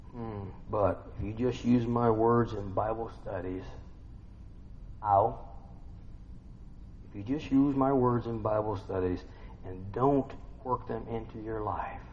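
A man's voice: medium pitch, a little hiss or hum. A man giving an informal sermon, talking to listeners conversationally, asking them questions and humming to himself between points. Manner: conversational, asks listeners questions, hums and affirms. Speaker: preacher. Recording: dull lo-fi recording with long hall reverb.

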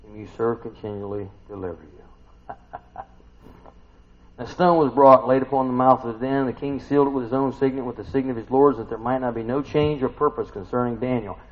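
Guy preaching a casual sermon, mid-pitched, chatty and animated, asks the room stuff, bit muffled recording. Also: moderate pace. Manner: animated, asks the congregation questions, swings loud and soft. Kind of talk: casual sermon, reading and retelling scripture.

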